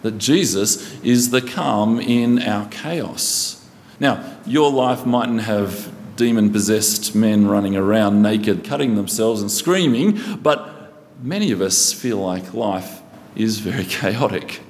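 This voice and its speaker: A man's voice: on the low side, takes it slowly, a little mellow. A man preaching a sermon as pastor, earnestly asking his congregation rhetorical questions. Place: church. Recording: long church reverb.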